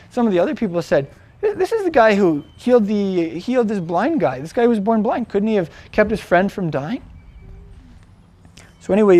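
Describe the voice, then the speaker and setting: A man with a noticeably high voice retells a Bible story in a relaxed, chatty teaching style. He talks like he is telling friends about it, full of "like" and "um", restarting his sentences as he goes. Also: no room sound. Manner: conversational, animated retelling with many fillers and restarts. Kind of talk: casual storytelling sermon.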